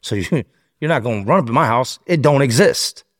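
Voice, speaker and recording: A man recounting his past in a lively storytelling manner, acting out the voices of the people he quotes. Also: medium pitch, brisk, no room sound, studio quality. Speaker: interview guest.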